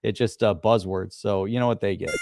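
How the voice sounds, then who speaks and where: A man's voice: on the low side, steady tone, fairly quick, gravelly, mellow, a little hiss or hum. A man co-hosting a casual podcast, wry and laughing as he pokes fun at buzzwords. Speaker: podcast co-host. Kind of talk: casual chat.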